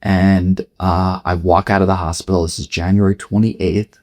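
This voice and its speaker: A man's voice: deep voice, flat delivery, moderate pace, a little mellow. A man in his forties, a podcast guest, telling a personal story candidly, swearing freely and acting out what other people said. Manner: frank, swears freely, acts out quoted dialogue.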